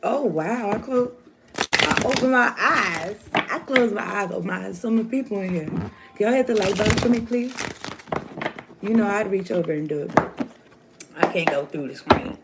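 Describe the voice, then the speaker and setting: A woman's voice: medium pitch, lively intonation, normal speed. A woman giving a casual, rambling tarot reading to her viewers, chatty and slangy. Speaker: tarot reader. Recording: noisy home recording.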